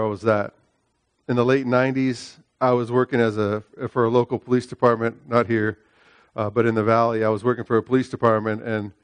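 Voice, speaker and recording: A middle-aged man preaches a sermon built around a personal story, speaking emphatically, repeating phrases, and often asking "right?" He swings between loud, high-pitched preaching and quieter storytelling, and his voice sounds clean with no room sound.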